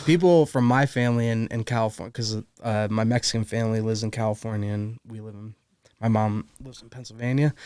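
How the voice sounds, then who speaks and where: A man's voice: lowish voice, steady tone, brisk, a little mellow, smooth, no echo, clean studio sound. A man chatting as a podcast guest in a joking way, with a slight New York accent. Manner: joking, laughs easily. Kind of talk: casual chat.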